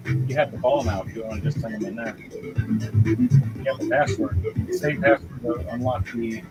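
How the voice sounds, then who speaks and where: A man's voice: mid-range voice, moderate pace, poor audio. A man narrating a tabletop game as dungeon master, vivid and rambling, with restarts. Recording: music playing behind.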